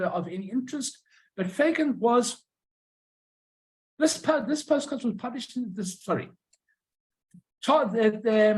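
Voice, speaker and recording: A middle-aged woman giving an informal illustrated lecture on postcards, who often pauses to search for her words and tells anecdotes along the way. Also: fairly high pitch, a little mellow, poor audio.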